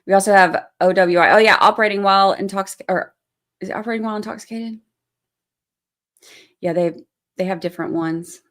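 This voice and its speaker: A woman's voice: mid-range voice, fairly even intonation, fairly quick, long pauses, a bit bright. A woman, hosting a casual livestream and talking through a trial, firm one moment and chatty the next. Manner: firm scolding then chatty explaining. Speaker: livestream host giving trial commentary.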